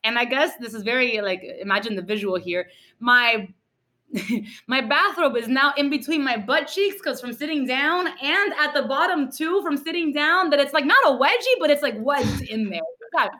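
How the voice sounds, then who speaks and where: Woman, Cuban-American accent, podcast host, casual chat, bright tone, slightly high pitch, animated storytelling. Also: moderate pace. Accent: Cuban-American Miami. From Cuba, raised in Miami. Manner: animated, mixes Spanish into English, lively storytelling.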